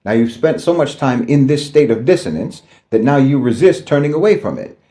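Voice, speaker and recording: A man lecturing the listener directly in a measured monologue. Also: medium pitch, big pitch swings, dark tone.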